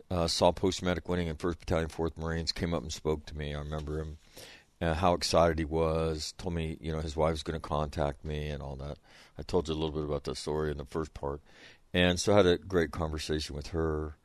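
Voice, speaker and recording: With a bass voice, a middle-aged podcast host rambles through a casual anecdote, stumbling over fillers and restarts and laughing at his own stories. The recording is dry.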